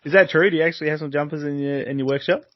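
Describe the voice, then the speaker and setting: A man's voice: fairly high pitch, steady tone, racing, no room sound. A man hosting a podcast, chatting casually and laughing along with his guest. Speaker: podcast host. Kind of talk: casual interview chat. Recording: dry, slightly dull podcast audio.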